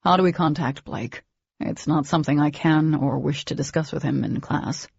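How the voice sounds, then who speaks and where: A woman voicing a calm adult man who speaks in a measured, pointed way. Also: deep voice, vocal fry, slightly rough, no echo, exaggerated voice. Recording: dull lo-fi recording.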